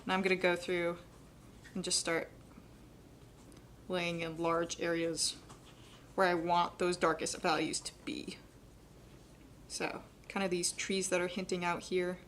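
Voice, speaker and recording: A young adult woman giving a live painting demonstration, talking quickly and chattily and laughing often. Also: on the low side, flat delivery, a bit bright, a little hiss or hum. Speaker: painting instructor.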